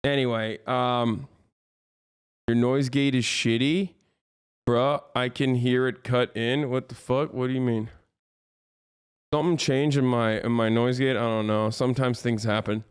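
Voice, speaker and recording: A man's voice: medium pitch, fairly even intonation, unhurried, clean tone. A man hosting a live stream, chatting with viewers in a brash, profane, teasing way. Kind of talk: casual stream chat.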